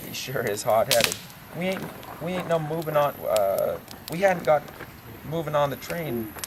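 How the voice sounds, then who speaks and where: A man's voice: mid-range voice, normal speed, gravelly. Man, folksy campfire yarn, mid-range voice, noisy outdoor recording. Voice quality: drawling hick dialect, chuckles at his own punchlines. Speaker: campfire storyteller. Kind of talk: folksy comic monologue.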